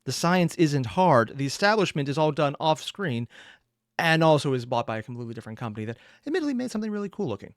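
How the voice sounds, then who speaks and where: A man's voice: fairly high pitch, sing-song, fast, no echo. Guy reacting to a video, voice jumps all over, rambly and opinionated, dry close mic. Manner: rambling, opinionated, self-deprecating asides. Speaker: reaction streamer. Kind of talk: casual reaction commentary.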